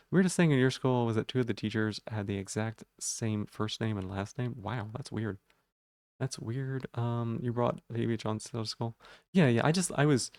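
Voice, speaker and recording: A male streamer talks loosely with his viewers, reading their messages aloud and answering each one as it comes. His voice sits at an ordinary middle pitch. The sound is dry and close, with no room around it. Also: a little mellow, dry recording. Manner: rambling, reads chat messages aloud and answers them. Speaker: livestreamer. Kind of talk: casual chat answering viewers.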